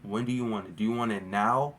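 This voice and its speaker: A man voicing his stern, calm father in a storytime vlog. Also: on the low side, brisk, lightly acted. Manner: calm and threatening. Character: stern calm strict father, male, middle-aged.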